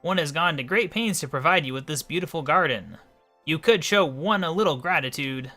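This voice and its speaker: A man's voice: fairly high pitch, lively intonation, brisk, pushed and bright, faint music behind, voice pushed up, heavily acted. A man voicing a snobbish, bossy queen who talks about herself as "one". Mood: scolding. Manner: pompous, calls herself "one". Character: haughty snobbish queen, bossy to her husband.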